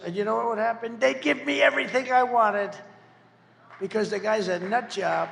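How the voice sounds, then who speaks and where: A high-pitched, gravelly man working through a campaign rally speech in a boastful, rambling, mocking way. His voice rings out with the long echo of a big hall, and a faint murmur of noise sits underneath. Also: normal speed. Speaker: political candidate. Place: large rally venue.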